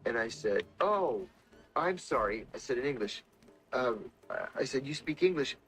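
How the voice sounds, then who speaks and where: A middle-aged man, a former intelligence officer, telling stories in a measured, dramatic way and acting out the quotes. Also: medium pitch, lively intonation, a bit bright, soft background music. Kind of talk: storytelling interview talk.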